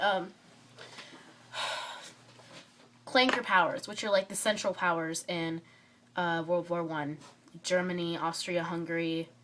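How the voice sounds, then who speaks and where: A woman with a cold giving a chatty, rambling book review vlog, full of fillers and tangents. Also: mid-range voice. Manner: rambling and excitable, many fillers, drifts off topic. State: stuffy from a cold.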